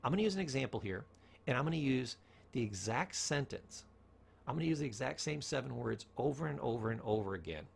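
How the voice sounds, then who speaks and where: A man's voice: medium pitch, expressive, a little fast. A man giving a motivational talk on communication, telling stories and asking rhetorical questions. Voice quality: gravelly, husky voice. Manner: storytelling, asks rhetorical questions, varies tone for emphasis. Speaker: speaker on communication.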